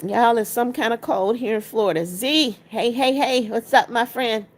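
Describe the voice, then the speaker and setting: A woman hosts a casual livestream. Her voice sits a little high. She greets each viewer by name, reads comments out and keeps urging people to tap likes. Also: normal speed. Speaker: livestream host.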